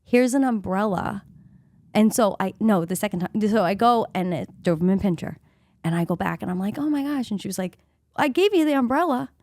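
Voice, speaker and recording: Animated woman telling stories on a podcast. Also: mid-range voice, fairly quick, no echo, studio quality. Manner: animated storyteller, acts out quoted voices, laughs often. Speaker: podcast co-host. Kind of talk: casual storytelling chat.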